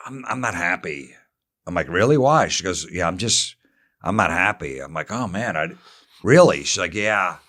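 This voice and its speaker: Dude telling a story, low voice, blunt and swears a lot, deadpan. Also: male voice. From New Jersey. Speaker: guest comedian. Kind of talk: storytelling on a podcast.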